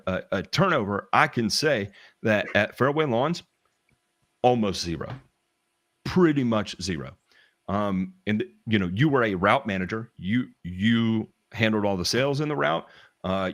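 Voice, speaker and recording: A man's voice: fairly low pitch, a bit bright, dry recording, clean studio sound. A middle-aged man with a Southern US accent, telling work stories in casual chat, rambling with restarts and blunt swearing. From American South. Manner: rambling, frequent restarts and fillers, candid with swearing.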